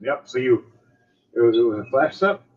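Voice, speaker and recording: A man narrating as game master of a tabletop game, lively and full of sound effects. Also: mid-range voice, normal speed, lo-fi sound.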